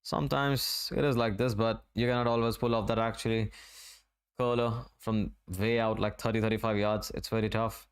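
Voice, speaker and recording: A man from Asia giving relaxed, running play-by-play commentary during a live football watch-along stream. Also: fairly low pitch, clear, resonant tone. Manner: running play-by-play, conversational and unhurried.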